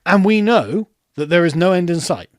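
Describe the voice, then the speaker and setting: Guy ranting hard, sarcastic and sweary, high voice jumping all over, dry close sound. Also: lively intonation, normal speed, no echo. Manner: heated, sarcastic and profane. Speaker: political commentator. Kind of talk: angry ranting commentary.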